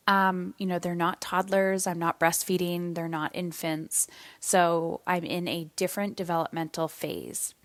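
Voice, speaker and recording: A tired woman in her thirties talks through a solo podcast episode in a candid, conversational way. Her voice sits low for a woman, and the sound is dry and close, with no room around it. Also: dry recording. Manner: candid, conversational, with some swearing. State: yawning, tired. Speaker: podcast host.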